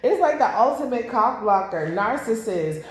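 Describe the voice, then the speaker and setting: A woman reads tarot in a loose, chatty way, blunt and quick to curse as she wanders into side stories. Her voice sits at an ordinary middle pitch. The recording rings with heavy room echo. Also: darkish tone. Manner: blunt, profane, rambling asides. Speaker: tarot reader. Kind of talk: casual tarot reading to camera. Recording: very echoey room.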